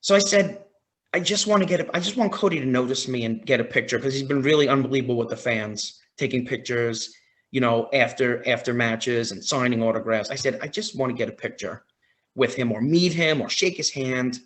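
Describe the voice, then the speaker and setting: A man on a podcast as a guest, telling a story in a casual, excited way, often quoting his own reactions. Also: medium pitch, a little fast. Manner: excited, retelling with quoted reactions.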